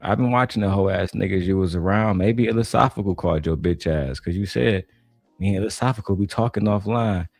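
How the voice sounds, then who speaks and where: A man from Detroit with a deep, low voice tears into a panel in loose, profane slang. His talk is blunt and trash-talking, recorded dry and close with a faint music bed. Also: brisk, vocal fry, darkish tone, no room sound. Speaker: commentator reacting to a panel clip. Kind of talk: profane reaction commentary.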